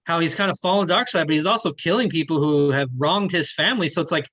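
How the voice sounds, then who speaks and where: A man's voice: fairly high pitch, fast, fairly bright tone. A man hosting a casual film review chat, talking enthusiastically and often saying "to me". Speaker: film review show host.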